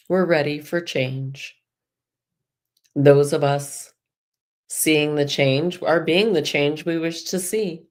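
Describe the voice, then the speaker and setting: A woman with a slight Irish lilt guides listeners through a meditation, her voice sitting low and unhurried. She speaks softly and soothingly, drawing each phrase out gently as a spiritual healer hosting a live show. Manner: slow, soothing guiding voice.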